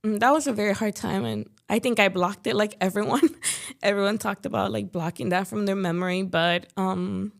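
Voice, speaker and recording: A woman's voice: mid-range voice, normal speed, vocal fry. A young woman from Chicago, a podcast guest, talking in a casual, chatty way and leaning heavily on "like" and "you know". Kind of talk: casual interview chat.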